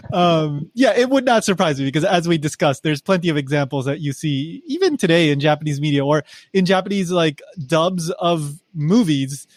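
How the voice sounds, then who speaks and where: A man co-hosting a podcast in relaxed casual chat, adding examples and qualifications, on a close mic. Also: fairly high pitch, moderate pace, hardly any pauses, dry recording. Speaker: podcast co-host.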